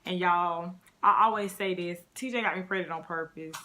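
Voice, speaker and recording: A woman's voice: lowish voice, normal speed, bright, forceful tone, a little hiss or hum. A woman in her twenties telling a casual storytime to her viewers, chatty and talking straight to them. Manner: chatty, addresses viewers as y'all. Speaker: vlogger.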